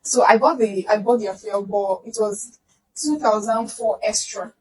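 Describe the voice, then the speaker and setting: A woman's voice: mid-range voice, unhurried, slight background noise, low-quality recording. A young Nigerian woman telling a personal story to camera, acting out the voices of the people in it. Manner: animated, acts out voices in the retelling.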